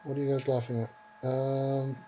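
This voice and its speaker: A man's voice: mid-range voice, flat delivery, moderate pace, background noise. A man who is sick, hosting a casual chat in a blunt, scornful and profane way, laughing often. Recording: dull lo-fi audio.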